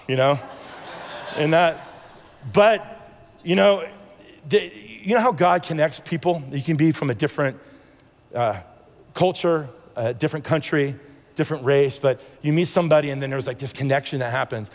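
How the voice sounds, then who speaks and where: At normal speed and with a fairly high pitch, a man in a large hall preaches a sermon built around his faith testimony. It comes out earnest and rambling, with frequent restarts and acted-out exchanges.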